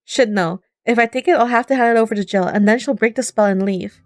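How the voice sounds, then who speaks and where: A woman's voice: a little high, no echo, natural voice. A woman voicing a young student hero in a visual novel, worried and sarcastic, close to her own voice. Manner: sarcastic, quick-thinking, worried. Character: young time-looping student hero, anxious but defiant.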